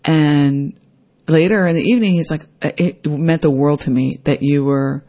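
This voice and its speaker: Woman, husky low-ish voice, animated personal storyteller who mimics the voices in her anecdotes. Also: measured pace. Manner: animated, acts out quoted dialogue with big pitch jumps.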